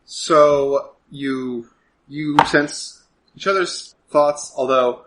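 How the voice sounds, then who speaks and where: A man's voice: medium pitch, extremely slow, noisy background. A man narrating a tabletop role-playing game as game master, casual and hesitant.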